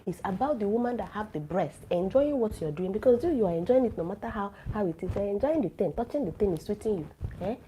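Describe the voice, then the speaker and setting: A woman's voice: mid-range voice, expressive, quick pace, few pauses, warm tone, slight background noise, rough recording. A woman, sick with a flu, giving frank and teasing relationship advice straight to her listeners. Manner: blunt, teasing, lecturing directly to listeners. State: has a flu, coughing. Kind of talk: frank advice talk to camera.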